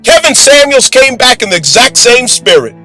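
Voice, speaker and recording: A man delivering forceful, preachy commentary in a profane, combative way. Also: very high-pitched, expressive, normal speed, low-quality recording. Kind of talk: preaching commentary over music. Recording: music bed under voice.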